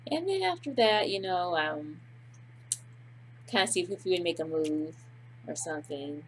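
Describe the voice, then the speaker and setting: A chatty woman tells a story in a relaxed, rambling way. Her voice sits fairly low for a woman, with faint noise behind her. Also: normal speed. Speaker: host's wife, co-host. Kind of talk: casual storytelling.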